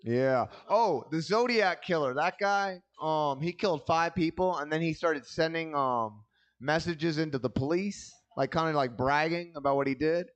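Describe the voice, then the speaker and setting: A man's voice: fairly high pitch, moderate pace. A man doing a stand-up comedy set on a club stage, telling loose, rambling stories full of crude jokes into a handheld mic.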